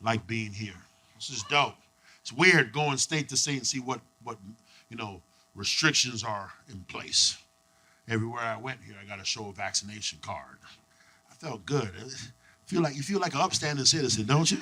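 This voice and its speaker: A man doing a stand-up comedy set on a club stage, animated and profane, acting out people in his stories. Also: medium pitch, moderate pace, husky. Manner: animated, profane, acts out voices.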